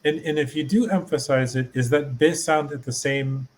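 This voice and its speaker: A man's voice: fairly high pitch, fairly even intonation, moderate pace. A man hosting a podcast as a learner, asking eager, curious questions and restarting his sentences as he thinks. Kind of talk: casual podcast chat.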